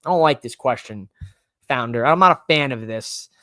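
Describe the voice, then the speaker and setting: An excitable man hosts a casual live-stream show, talking in rambling bursts and piling on emphasis. His voice sits at an ordinary middle pitch. It is recorded close and dry, with no room sound. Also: normal speed, no echo. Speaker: podcast host.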